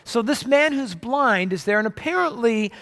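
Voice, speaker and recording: Man, pastor, conversational sermon, frequent restarts, high voice, reverberant church. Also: expressive, moderate pace, sharp tone. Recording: long hall reverb.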